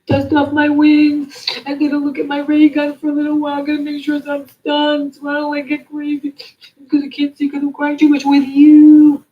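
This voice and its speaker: A woman's voice: high-pitched, completely flat delivery, normal speed, lo-fi sound, voice pushed up, close to an everyday voice. A woman voicing a weepy, flustered guardian angel who sobs and babbles frantically. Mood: blubbering. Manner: sobbing, whiny, frantic babbling.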